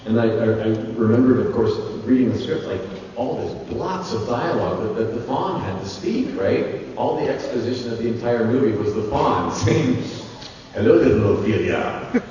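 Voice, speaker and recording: A man telling stories as a convention panel guest, animated and laughing often, acting out the voices of the people he quotes. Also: medium pitch, normal speed, a little hiss or hum. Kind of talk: anecdotal storytelling. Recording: echoey dull hall sound from far off.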